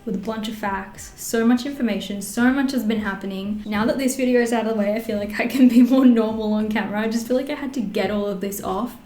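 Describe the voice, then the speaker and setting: A woman in her twenties with an Australian accent, chatting in a rambling, animated way through a get-ready-with-me beauty vlog. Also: a little high, fast talker, few pauses. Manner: rambling and animated, many fillers. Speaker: beauty vlogger. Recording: roomy echo.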